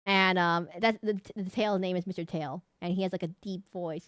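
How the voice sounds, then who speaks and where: A woman's voice: lowish voice, steady tone, normal speed, hardly any pauses, a bit bright, no echo, clean studio sound. A woman streamer chatting casually as she ranks characters, rambling and correcting herself often. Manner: rambling, self-correcting, laughing. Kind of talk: casual live-stream commentary.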